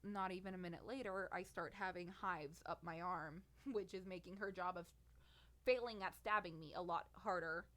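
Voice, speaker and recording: A woman's voice: fairly low pitch, moderate pace, sharp tone. 19 yr old woman ranting on her podcast, fed up and sarcastic, telling it like a story. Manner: exasperated, venting, sarcastic storytelling. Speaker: podcast host.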